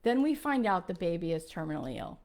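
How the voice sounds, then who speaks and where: A woman in her forties, a podcast host, telling a personal story to her listeners in an earnest, animated way with many fillers. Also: on the low side, fast talker. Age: 40s.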